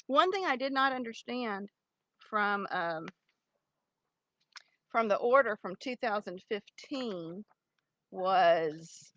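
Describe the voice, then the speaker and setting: A middle-aged woman, almost in tears, pleads with her ex in a rambling to-camera vlog full of fillers and restarts. Her mid-range voice is animated and a bit bright, yet she takes it slowly and pauses often, and the audio is poor.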